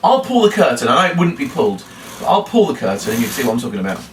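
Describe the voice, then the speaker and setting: Male children's entertainer, halting instructional delivery, lively pitch, roomy distant mic. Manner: hesitant, many ums, bursts into loud high calls when demonstrating. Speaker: children's entertainer teaching a puppet routine. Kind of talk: instructional demonstration. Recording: roomy, distant mic, faint room noise.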